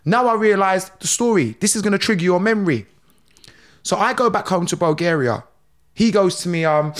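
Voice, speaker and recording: A middle-aged man, a podcast guest telling stories in a lively, slangy way with laughs between lines. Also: sits high, fairly quick. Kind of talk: animated storytelling.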